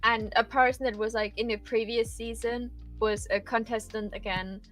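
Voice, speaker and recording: A woman's voice: a little high, steady tone, moderate pace, a bit bright. A woman, chatting casually on a stream in a rambling way, with many fillers and restarts. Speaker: guest streamer. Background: faint lo-fi music.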